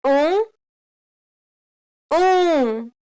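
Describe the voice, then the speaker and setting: A woman modeling single sounds and words with drawn-out, careful enunciation. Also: sits high, lively intonation, dark tone. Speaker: native-speaker pronunciation model. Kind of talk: slow isolated word pronunciation.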